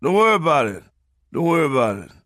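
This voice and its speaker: Man playing a pompous old grandpa, slow and self-important, very dry sound. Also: fairly high pitch, very animated, fairly bright tone, dry recording. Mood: irritated. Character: pompous old grandfather misusing big words.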